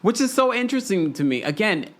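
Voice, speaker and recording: Man host, gossipy live-stream recap, lively swooping delivery, slightly high-pitched. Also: fast. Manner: animated, gossipy, mimics people in quotes. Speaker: podcast host. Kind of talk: live recap chat reading viewer comments.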